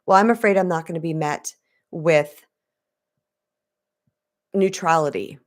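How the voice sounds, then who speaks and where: A woman's voice: sits low, unhurried. Frank straight-talking woman coach. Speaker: relationship coach. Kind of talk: casual direct-to-camera talk.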